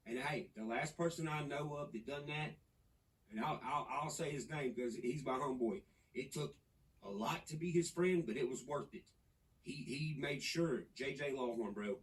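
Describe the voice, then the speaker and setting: A man from Nashville, talking in a casual podcast chat, animated, profane and rambling. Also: medium pitch, moderate pace, recorded from a distance, a little hiss or hum, low-quality recording. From Nashville, Tennessee. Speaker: podcast guest.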